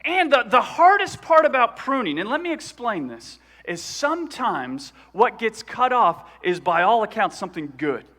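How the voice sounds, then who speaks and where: Preacher, male, high and bright voice, chatty delivery that quizzes the congregation. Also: big pitch swings, moderate pace, few pauses, in a large hall. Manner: conversational, asks the congregation questions. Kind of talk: sermon. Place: church sanctuary.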